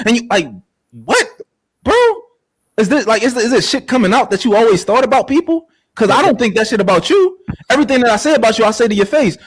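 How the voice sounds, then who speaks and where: A man's voice: very high-pitched, quick pace. A man arguing heatedly on a podcast panel, insistent and repeating himself to hold the floor.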